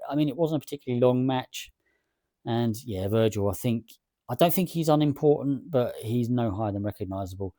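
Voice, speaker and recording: A man talks through his game in a relaxed, musing way, full of fillers. His voice is mellow and warm, recorded close and dry. He sounds easygoing and thoughtful. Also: medium pitch, dry recording. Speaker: gaming commentator. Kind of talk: let's play commentary.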